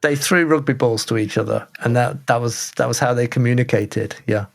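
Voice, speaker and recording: A man's voice: mid-range voice, fairly quick, vocal fry. Jokey British man co-hosting a podcast. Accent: British English. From Britain. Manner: jokey, animated, self-mocking. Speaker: podcast co-host. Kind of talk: casual chat.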